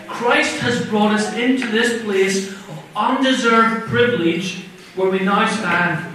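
A man's voice: high-pitched, a bit bright, a little hiss or hum. A man preaching a sermon in a conversational way, often putting questions to his listeners. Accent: non-American. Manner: conversational, asks the audience questions. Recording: very echoey room, voice from far off.

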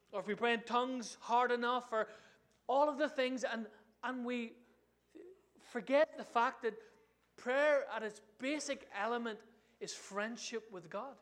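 A man preaching a sermon in an animated way, often asking the congregation questions. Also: very high voice, measured pace, pauses often.

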